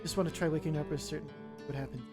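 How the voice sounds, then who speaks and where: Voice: mid-range voice, steady tone, rapid-fire, loud music behind the voice. A player in a tabletop game who describes their character's actions hesitantly, often restarting.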